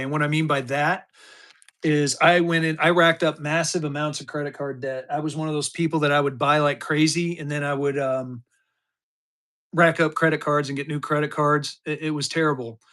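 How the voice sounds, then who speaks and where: Casting: fifty-something man, live auction seller, rambling and chatty, slightly high voice. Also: steady tone, normal speed, a bit bright. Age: 50s. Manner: rambling, chatty, with many restarts and fillers. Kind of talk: casual live-stream chat.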